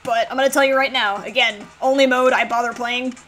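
A woman's voice: fairly high pitch, steady tone, fairly quick, a bit bright, soft background music. A young woman hosting a casual let's play, chatting in a laid-back, mildly self-deprecating way. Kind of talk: casual game commentary.

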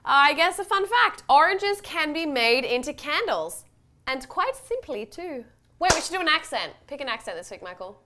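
A woman's voice: high voice, big pitch swings, normal speed, background noise. A woman co-hosting a cooking show, chatting casually, reading out instructions and laughing often. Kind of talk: casual chat while cooking.

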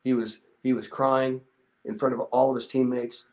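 An earnest older man in his sixties talks with a middle-range voice and tells his story with steady motivational conviction. When he quotes someone, his voice drops lower and softer. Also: normal speed, rough recording. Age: 60s. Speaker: interview guest, former special warfare instructor. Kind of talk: conversational storytelling.

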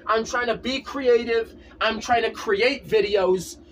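A man's voice: very high voice, a little slow, distant mic, slight background noise. A man in a casual vlog, ranting insistently and repeating himself over and over. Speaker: vlogger. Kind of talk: casual rant to camera.

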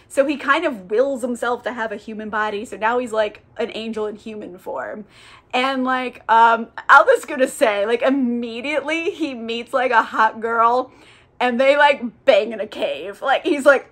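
Woman book reviewer with a high voice, casual and irreverent, recaps with lots of "like.". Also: moderate pace, a bit bright. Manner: chatty and irreverent, heavy use of "like".

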